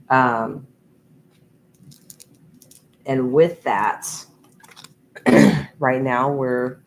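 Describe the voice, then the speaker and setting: A woman giving a channeled tarot reading, talking slowly and meandering with many ums and restarts. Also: rumbling low, a little hiss or hum, low-quality recording. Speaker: tarot reader. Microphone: USB microphone.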